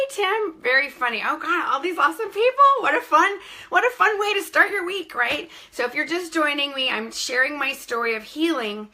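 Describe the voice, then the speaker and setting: A middle-aged woman telling her personal story on a live stream, her voice bright and crisp. She sits a little high in pitch for a woman. She keeps breaking off to greet viewers by name in an effusive way. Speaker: speaking coach.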